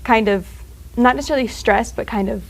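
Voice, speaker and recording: A woman's voice: on the high side, creaky, rough recording. Chatty young woman who rambles happily. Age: teens. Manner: rambling, full of filler words and quick laughs. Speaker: student guest. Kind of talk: casual chat.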